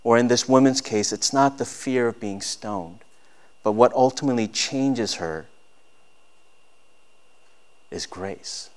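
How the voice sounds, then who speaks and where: A man's voice: mid-range voice, slow pace, long pauses. A man in his thirties preaching a sermon as a pastor, earnest and rising to emphatic peaks.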